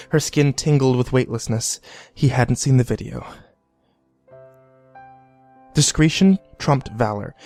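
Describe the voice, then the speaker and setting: Guy reading a novel aloud, gravelly voice, faint music under it. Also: medium pitch, a little mellow. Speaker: narrator. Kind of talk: audiobook narration.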